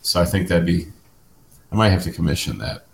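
A man with a very low voice chats with enthusiasm in a casual conversation. His mic picks up a roomy echo. A faint hum of noise sits underneath. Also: expressive, a little fast, creaky. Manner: enthusiastic and playful. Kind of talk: casual chat.

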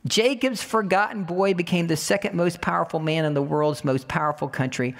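A woman's voice: sits low, animated, moderate pace. A woman preaching a sermon in a conversational way, repeating words for emphasis and asking the listeners rhetorical questions. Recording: long hall reverb.

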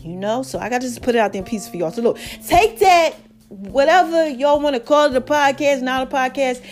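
Female podcast host, high pitch, hoarse and worn out, preachy, animated delivery. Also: brisk, soft background music. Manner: preachy, animated, calls listeners baby and child. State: voice cracking, tired. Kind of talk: casual motivational talk.

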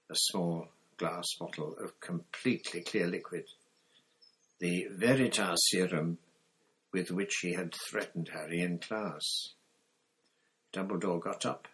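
A man narrates a novel in a deep voice. He reads slowly and in a measured way. His delivery stays even throughout. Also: husky. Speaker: audiobook narrator. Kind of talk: scripted narration.

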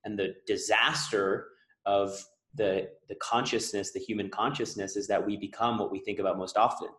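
A man's voice: on the low side, steady tone, normal speed, fairly bright tone, echoey room, poor audio. A man hosting a podcast, earnestly explaining ideas with analogies in a reflective conversation. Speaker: podcast host.

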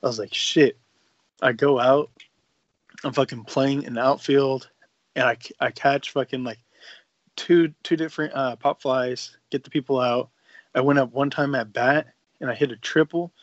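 A man's voice: medium pitch, steady tone, normal speed, dry recording, dull audio. A young man, a podcast co-host, telling a long, laid-back, profane story in casual chat and acting out the lines he quotes.

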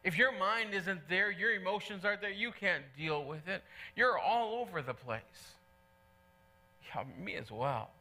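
A man's voice: sits high, expressive, a little slow, sharp tone. A middle-aged male pastor preaching a sermon in church, earnest and conversational, repeating key phrases for emphasis.

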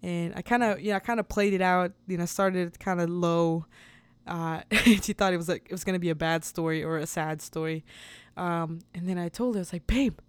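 A woman hosting a podcast, telling a personal story in a chatty, animated way, laughing often and acting out the dialogue. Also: on the low side, a little fast, clear, resonant tone, dry recording. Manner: chatty with many fillers and restarts. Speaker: podcast host. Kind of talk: casual storytelling.

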